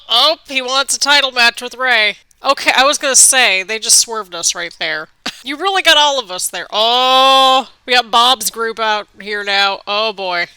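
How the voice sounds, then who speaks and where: A woman hosting a wrestling reaction video, chatting excitably with quick laughs while a bit stuffy from allergies. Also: on the high side, smooth, no echo. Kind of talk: casual live reaction commentary.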